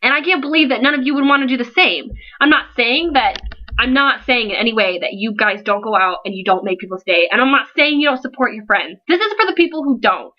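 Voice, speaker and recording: Impassioned young woman pleading, high voice. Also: lively intonation, fairly quick, lo-fi sound. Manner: earnest and emotional, pleading and scolding by turns. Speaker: founder of an online support page. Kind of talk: impassioned vlog speech to followers.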